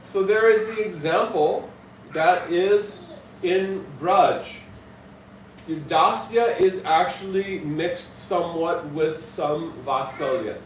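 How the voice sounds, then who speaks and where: A man giving a devotional lecture as a spiritual teacher, explaining slowly and measuredly and chanting verses. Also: high-pitched, slight background noise. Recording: distant mic in echoey hall, faint ambience.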